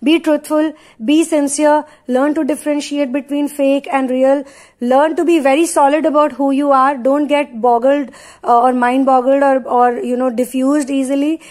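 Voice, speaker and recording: High-voiced woman giving emphatic spiritual guidance. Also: fairly even intonation, normal speed, darkish tone. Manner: emphatic, repetitive affirmations; conversational with frequent fillers. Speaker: spiritual channeler. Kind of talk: spiritual channeling talk.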